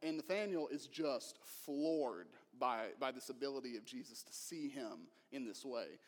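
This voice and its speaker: A male pastor preaching a sermon in an earnest way, moving between emphatic lines and hushed ones. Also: mid-range voice, lively intonation, normal speed, big-room sound.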